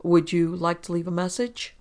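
A reader voicing a cool, sweetly sarcastic young woman secretary, pitched up from the narration. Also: monotone, moderate pace, darkish tone, lightly acted. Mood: sweetly mocking. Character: sharp-tongued young woman office secretary. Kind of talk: audiobook reading.

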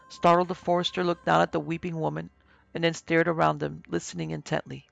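A man narrating a horror story in a steady, even reading pace. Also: fairly high pitch, brisk, vocal fry, soft background music.

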